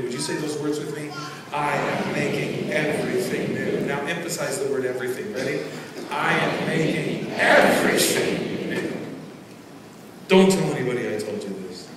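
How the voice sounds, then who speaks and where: A man preaching a sermon as pastor, swinging between loud proclamations and quiet asides. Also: fairly high pitch. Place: large church sanctuary. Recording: echoey church hall from far off, noisy.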